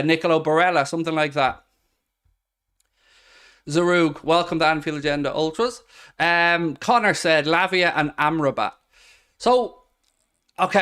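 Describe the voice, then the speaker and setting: A man's voice: fairly high pitch, fairly bright tone, smooth. A man in his thirties hosting a live football stream, chatting candidly and reading out viewer comments in a self-mocking way. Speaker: football podcast host.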